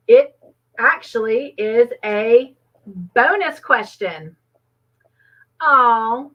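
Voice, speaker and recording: Slow-paced and a little high-voiced, a woman chats her way through a casual trivia stream from her home. She laughs often and thanks viewers by name as she reads the chat aloud, and the sound is dull lo-fi stream audio.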